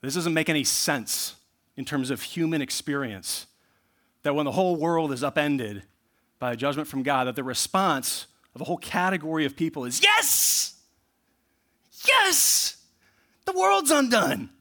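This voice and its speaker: A man preaching a sermon in an earnest way, going from low asides to loud bursts. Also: moderate pace. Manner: earnest preaching, rising to loud bursts when reading scripture. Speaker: pastor.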